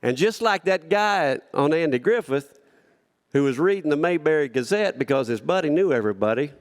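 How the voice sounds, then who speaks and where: A man with a fairly high voice speaks at a banquet hall podium, accepting a rodeo honor. His speech is heartfelt and rambling, full of stories and acted-out quotes. He speaks in a relaxed, personal way. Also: brisk. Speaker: rodeo hall of fame inductee giving a speech.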